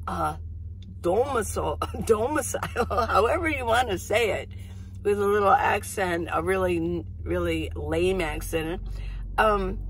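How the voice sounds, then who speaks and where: A woman's voice: lowish voice, vocal fry, slight background noise, poor audio. A middle-aged woman hosting a casual, rambling coffee-chat vlog from her minivan. She laughs often as she talks. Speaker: vlogger. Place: inside a minivan.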